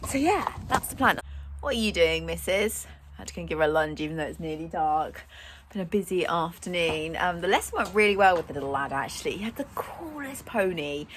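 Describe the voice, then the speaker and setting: Woman, lowish voice, casual vlog chat, outdoor recording with steady noise behind. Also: brisk. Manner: chatty, warm-hearted, laughs at herself. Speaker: riding instructor and vlogger.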